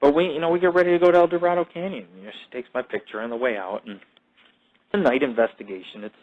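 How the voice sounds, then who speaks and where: A podcast host with a medium-pitched, steady voice rambles through a casual monologue on his own show, and the sound is phone quality. He swears freely, drifts off topic and builds himself up. He keeps restarting his sentences and repeating fillers.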